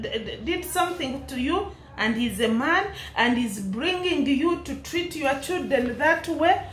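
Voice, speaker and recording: A young East African woman lectures at an unhurried pace, her high voice leaping up and down as she preaches. She laughs often between her scolding lines, and the sound bounces around an echoey room. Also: slight background noise. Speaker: vlogger commenting on a public dispute. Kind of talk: impassioned commentary.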